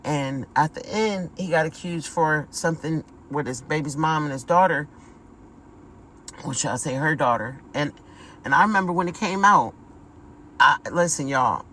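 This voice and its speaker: A woman's voice: deep voice, lively intonation, normal speed, a bit bright, a little hiss or hum, low-quality recording. A woman giving a casual spiritual vlog monologue, talking emphatically, repeating words and calling her viewers y'all. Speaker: spiritual vlogger.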